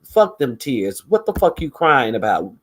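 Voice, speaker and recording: A man imitating a blunt, no-nonsense woman boss who scolds in a low, profane voice. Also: big pitch swings, a little slow. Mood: scolding.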